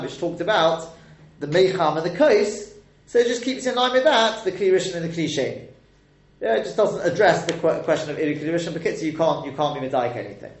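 A man teaching a text lesson, explaining step by step and quizzing his listeners with rhetorical questions. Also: a little high. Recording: echoey room.

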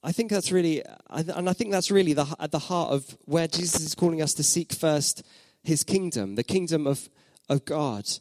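A pastor in his thirties speaks at normal speed with hardly any pauses, his fairly high male voice a little mellow. Throughout the reflective sermon he puts questions to the congregation and repeats key phrases. The sound is close and dry with no room noise.

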